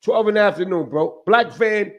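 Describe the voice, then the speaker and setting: A man with a notably high voice tells a story in a relaxed podcast conversation. He is animated and streetwise, with salty language. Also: moderate pace. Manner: animated, profane, streetwise, acts out quotes. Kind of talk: casual storytelling chat.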